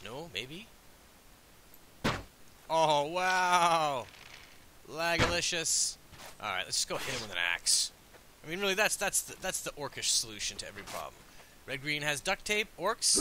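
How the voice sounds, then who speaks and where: Man, let's play host, very bright voice, lively pitch, excitable, jokey. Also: slight background noise. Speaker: gaming host.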